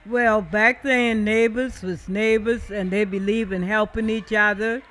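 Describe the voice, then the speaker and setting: An older man answering interview questions in a slow, reflective way. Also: high-pitched, fairly even intonation, fairly bright tone. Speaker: interview guest. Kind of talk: casual chat.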